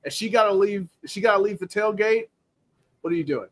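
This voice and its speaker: A man's voice: high voice, a little fast, a bit bright. A man hosting a casual football podcast, playfully spinning joking hypotheticals and laughing often. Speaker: podcast host. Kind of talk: casual sports talk.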